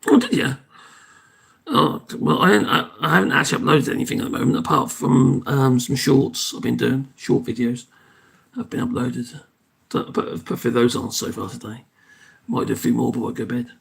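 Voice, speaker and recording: A man's voice: mid-range voice, a little fast, vocal fry, a bit bright. A man, hosting a casual live stream, chatting in a rambling way and thanking his viewers. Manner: rambling, chatty, self-interrupting; thanks viewers and signs off cheerily. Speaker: livestream host.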